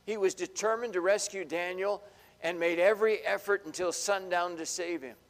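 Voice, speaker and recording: A man preaching a sermon, dramatic, swinging between loud bursts and hushed asides. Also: high voice, steady tone, moderate pace. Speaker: pastor. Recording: long hall reverb.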